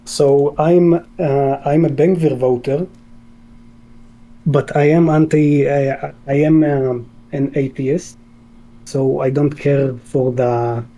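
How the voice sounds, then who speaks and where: A man from Israel with an Israeli accent, calling in to a debate stream and speaking haltingly with many fillers. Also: mid-range voice, mellow, low-quality recording. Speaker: caller. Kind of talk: call-in debate.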